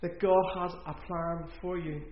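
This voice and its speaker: Earnest preacher in an echoey church. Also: male voice, a little high, flat delivery, a little slow. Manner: earnest, repeating phrases for emphasis. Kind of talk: sermon. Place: church hall. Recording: echoey, dull church recording.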